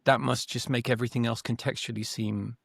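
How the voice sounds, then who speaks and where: A man's voice: mid-range voice, steady tone, fairly quick, gravelly, fairly bright tone, no room sound, clean studio sound. A man co-hosting a podcast, asking probing questions in casual discussion. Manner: articulate, asks probing questions. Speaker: podcast co-host.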